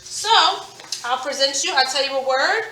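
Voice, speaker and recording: A woman teacher leads a phonics lesson, drawing words out slowly and praising often. Her voice is high and very bright. She sounds distant from the mic in an echoey classroom. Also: lively intonation, slight background noise. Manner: slow, stretched-out word modeling with encouraging praise. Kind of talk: phonics lesson to young students.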